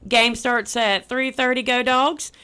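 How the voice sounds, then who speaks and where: A young woman, chatting as a guest on a radio show about an event she is organizing, bubbly and quick to repeat herself. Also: a little high, fairly even intonation, pushed and bright, smooth. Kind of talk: casual radio interview.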